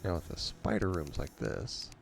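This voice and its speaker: Low gravelly guy rambling on over his game, chuckles a lot, faint music behind. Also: expressive, moderate pace. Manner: rambling, chuckles often between remarks. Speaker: gaming channel host. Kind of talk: casual storytelling over gameplay.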